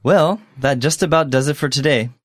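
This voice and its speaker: A man co-hosting a scripted English lesson, speaking clearly and deliberately as he models example phrases. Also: on the high side, no room sound, studio quality. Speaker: English teacher.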